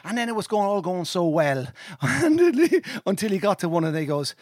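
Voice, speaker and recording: An Irish man telling a lively story in casual chat, mimicking sounds and accents as he goes. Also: high-pitched, brisk, few pauses, dry recording, clean studio sound.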